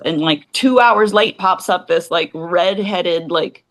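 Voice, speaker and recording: A woman's voice: on the low side, moderate pace, hardly any pauses, low-quality recording. A woman in her forties, a podcast co-host, chatting casually and rambling, often acting out what others said. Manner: rambling, animated, acts out quoted voices. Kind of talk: casual chat.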